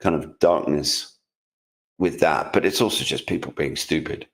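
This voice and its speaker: Very deep-voiced man, sarcastic. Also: moderate pace, a bit bright. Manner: sarcastic, rambling with restarts. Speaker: co-host. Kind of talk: casual news commentary chat.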